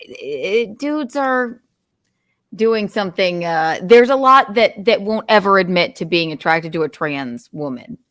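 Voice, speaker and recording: A woman's voice: medium pitch, animated, measured pace, fairly bright tone, no room sound, clean studio sound. A woman on a casual podcast panel, wry and mocking, tossing in short quips.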